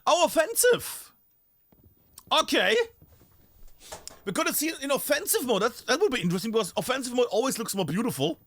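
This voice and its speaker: A man's voice: very high-pitched, expressive, fast talker, fairly bright tone, no echo. A man streaming a game live, chatting and thinking aloud as he looks around a map, often breaking off mid-sentence.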